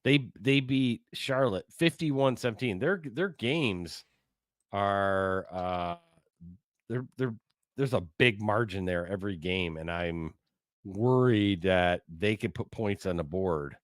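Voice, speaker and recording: A man's voice: fairly low pitch, slow pace, no echo, studio quality. A man co-hosting a casual sports podcast, blunt and swearing freely. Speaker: podcast co-host.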